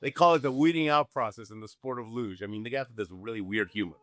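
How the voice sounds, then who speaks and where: A man's voice: mid-range voice, quick pace, dry recording. A man in his sixties from Argentina, a guest telling his story in an interview, acting out dialogue and checking in with "okay?" and "right?". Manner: animated storyteller, acts out dialogue, frequent "okay?" tag questions. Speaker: guest, Olympic luge athlete.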